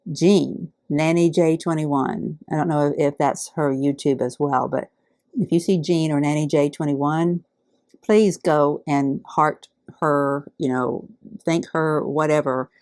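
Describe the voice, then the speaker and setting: A middle-aged woman, warmly unboxing donated fabric in heartfelt, awed casual chat. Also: low voice, fairly even intonation, measured pace, no room sound, studio quality. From Alabama. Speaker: quilting channel host.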